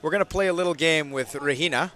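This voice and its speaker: A man calling a game from a commentary booth on a booth microphone, joking with his co-host and bursting loud on big plays. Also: a little high, fast. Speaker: sports commentator. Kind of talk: play-by-play commentary with banter.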